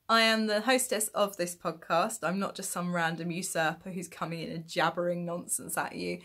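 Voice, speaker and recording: A woman's voice: medium pitch, fairly bright tone. A woman from the United Kingdom hosting her own podcast in a chatty, self-mocking way, laughing often. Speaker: podcast host. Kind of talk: casual chat.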